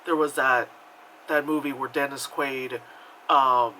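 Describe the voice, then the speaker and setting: A man's voice: fairly even intonation, takes it slowly, sharp tone, slight background noise, rough recording. A man giving a casual, digressive movie review, sarcastic and swearing, with lots of fillers and restarts. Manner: mocks characters in high put-on voices.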